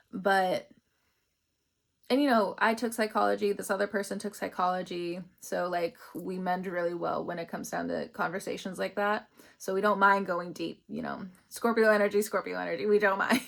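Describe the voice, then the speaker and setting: A woman's voice: medium pitch, gravelly. A young woman giving a casual, rambling spiritual reading, chatty and laughing often. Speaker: tarot reader.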